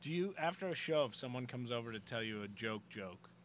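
A man's voice: mid-range voice, animated, fairly quick, a bit bright, a little hiss or hum. A man hosting a podcast, chatting casually and laughing often. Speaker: podcast host.

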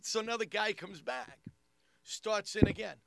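Sitting high and gravelly, this man's voice moves a little slowly as the comedian and podcaster, thick Long Island accent and all, spins a story in casual chat. He animatedly plays the characters himself, recorded dry.

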